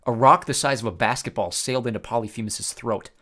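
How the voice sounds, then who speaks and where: A man's voice: medium pitch, fast, a bit bright. A man reading a story aloud, narrating expressively in the first person.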